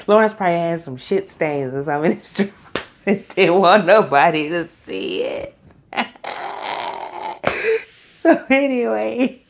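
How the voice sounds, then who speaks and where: A woman's voice: lowish voice, normal speed. A woman giving a blunt, exasperated casual recap of a reality show, swearing as she talks.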